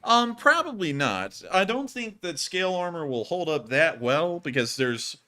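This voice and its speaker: A man hosting a casual live stream, animated and quick to laugh. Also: on the high side. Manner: animated, laughs often, says y'all. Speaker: host.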